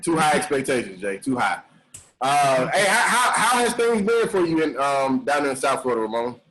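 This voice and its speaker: A man in the middle of his range hosts a relaxed podcast chat over a live stream. He talks in a laid-back way, circling back over his words with fillers and restarts. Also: mid-range voice, normal speed, low-quality recording. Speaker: podcast host. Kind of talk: casual chat. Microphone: live stream call.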